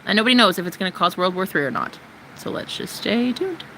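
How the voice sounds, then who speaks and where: A brash woman streamer rants in a casual, profane, sarcastic way. Her voice is bright and sharp, and her pitch jumps all over with very animated delivery. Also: quick pace, a little hiss or hum, rough recording. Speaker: live streamer. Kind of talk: casual ranting livestream.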